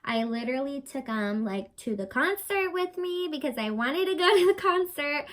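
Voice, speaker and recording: A woman's voice: high-pitched, normal speed, rough recording. Chatty young woman telling a story. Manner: chatty, lots of fillers, animated retelling. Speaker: vlogger. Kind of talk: casual storytelling vlog.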